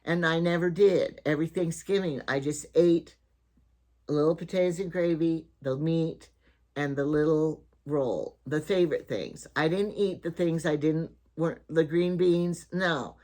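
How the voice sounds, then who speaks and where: A woman's voice: sits low, steady tone, measured pace, dark tone. An older woman hosting her own home talk show, chatting in a rambling way and often restarting her sentences. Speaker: vlogger host.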